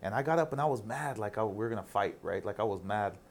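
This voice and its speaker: A man's voice: lowish voice, fast talker. Candid man telling stories on a podcast. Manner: candid, animated storyteller, swears casually. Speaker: guest. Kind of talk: casual storytelling interview.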